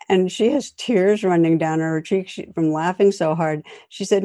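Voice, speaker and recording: A woman giving a dharma talk as a meditation teacher, gentle and conversational with light humor. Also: deep voice, normal speed, few pauses, no room sound, studio quality.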